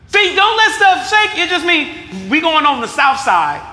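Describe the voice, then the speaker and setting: A pastor preaching in a big echoing hall with a long reverb tail. His voice is very bright and high for a man. He drawls through scripture and slang, and throws questions out for the crowd to answer. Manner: call-and-response preaching, shouting at peaks; casual street slang mixed with scripture. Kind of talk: sermon.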